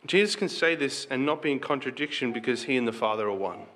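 A man's voice: medium pitch, animated, quick pace, fairly bright tone, slight background noise. A pastor preaching a conversational sermon to his congregation, asking rhetorical questions and reading scripture aloud.

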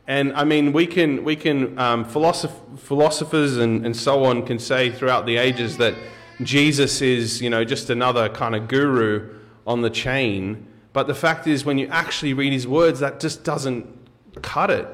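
A man's voice: medium pitch, normal speed. A man preaching a sermon, reading scripture aloud and then explaining it in an earnest, emphatic way with occasional fillers and restarts.

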